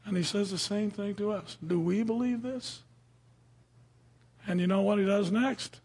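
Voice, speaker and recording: Male Bible teacher, husky and fairly high, relaxed talky delivery. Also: unhurried. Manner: conversational, asks the audience questions. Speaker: preacher.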